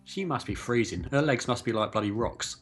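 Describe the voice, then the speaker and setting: A man's voice: mid-range voice, brisk, faint music behind. A man joking crudely and sarcastically as a guest on a game playthrough. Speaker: guest co-player. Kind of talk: joking commentary over a game.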